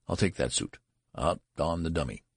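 A man voicing a flustered, middle-aged father who talks nervously and gruffly, with stammers. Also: extremely low pitch, animated, moderate pace, no room sound, studio quality, heavily acted. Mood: insistent. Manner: nervous, stammering, then harsh.

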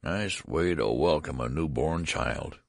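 A man's voice: measured pace, creaky, dry recording, studio quality, full character voice. A man voicing a querulous, very old man with a cracked, whining voice in an audiobook. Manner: complaining, rising to shrill protest. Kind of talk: audiobook character voice.

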